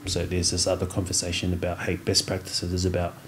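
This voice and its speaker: A man's voice: low-pitched, monotone, fast talker, a little hiss or hum. A man who is a former rugby league player, chatting as a podcast guest and telling stories with acted-out dialogue. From Samoan heritage. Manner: storytelling, acts out dialogue, laughs often. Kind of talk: casual interview chat.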